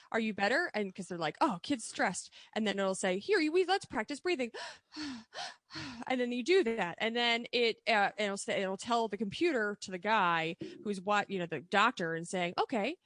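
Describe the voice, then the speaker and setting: A woman's voice: mid-range voice, a bit bright, no room sound. A woman co-hosting a casual podcast, telling stories in a chatty, rambling way. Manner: chatty, quick storyteller. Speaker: podcast co-host. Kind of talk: casual chat.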